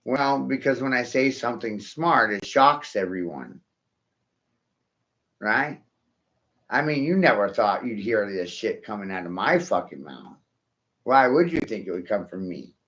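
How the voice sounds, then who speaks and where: A man's voice: lowish voice, very animated, measured pace, fairly bright tone, muffled recording. A man ranting to his viewers in a profane, sarcastic monologue, taunting them with rhetorical questions. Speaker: vlogger.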